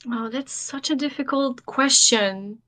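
A woman's voice: high voice, a little slow, sharp tone. A woman from Portugal, an artist guest on a podcast, answering modestly and thoughtfully. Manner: modest, laughs easily, thoughtful. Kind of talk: casual interview answers.

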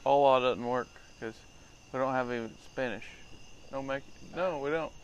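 A man's voice: medium pitch, normal speed, highs cut off, a little hiss or hum. A man co-hosting a casual outdoor chat show, trading blunt, teasing banter. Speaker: podcast co-host. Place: outdoors at night by a fire.

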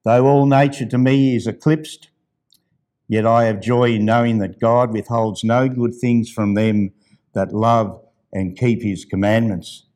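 A middle-aged man preaching a sermon in a medium-pitched voice. He drops low and quiet for gentle asides, then climbs to loud, emphatic declarations. At times he reads a letter aloud. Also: fairly even intonation, unhurried. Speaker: pastor.

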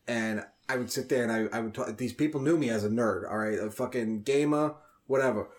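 A man's voice: medium pitch, brisk. A young man from New York with a New York accent, co-hosting a casual podcast chat and telling stories with plenty of swearing. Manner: swears freely, animated storyteller. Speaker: podcast co-host.

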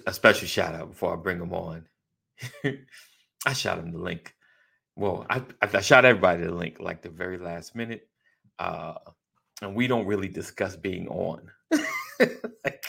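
A middle-aged man hosting a casual talk show, upbeat and quick to laugh, repeating his greetings. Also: deep voice, vocal fry, fairly bright tone, breathy edge. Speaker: podcast host.

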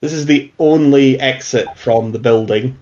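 A man's voice: medium pitch, unhurried, darkish tone. Man narrating as game master, dull recording. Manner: descriptive, with fillers.

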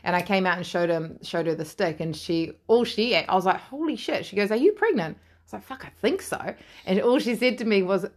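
A woman's voice: on the low side, fairly quick. Frank, laughing New Zealand woman. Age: 30s. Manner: frank and laughing, swears freely. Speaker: interview guest. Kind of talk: candid storytelling.

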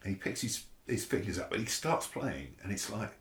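A man, a bass player telling a story in a casual interview, animated and swearing freely, acting out the voices of others. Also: brisk. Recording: roomy echo.

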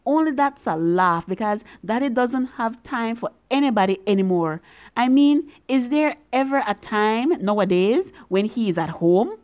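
A woman's voice: a little high, lively intonation, normal speed, hardly any pauses, a little mellow, lo-fi sound. A woman reading a story in a young girl's voice, full of earnest, pleading questions to her mother. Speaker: reader.

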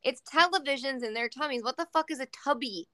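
A woman's voice: sits high, a little fast, pushed and bright. A woman co-hosting a podcast, chatting casually and animatedly with lots of giggles, fillers and swearing. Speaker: podcast co-host. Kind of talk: casual chat.

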